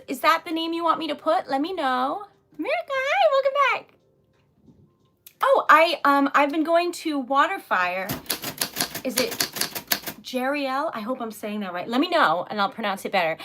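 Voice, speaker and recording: A woman's voice: high-pitched, bright, forceful tone. Giggly Rhode Island woman chatting live. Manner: giggly, chatty, easily sidetracked. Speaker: livestreaming poet and craft seller. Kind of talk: casual livestream chat with viewers.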